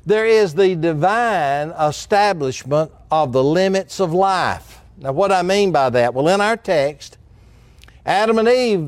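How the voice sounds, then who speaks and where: A man's voice: on the high side, darkish tone, dry recording. A man preaching a sermon, acting out Bible dialogue with dramatic emphasis.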